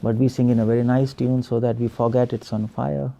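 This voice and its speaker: A man's voice: mid-range voice, little pitch movement, a little fast, gravelly, mellow, highs cut off, slight background noise. A male preacher giving an online spiritual class over a video call, firing rhetorical questions at the class and chuckling often.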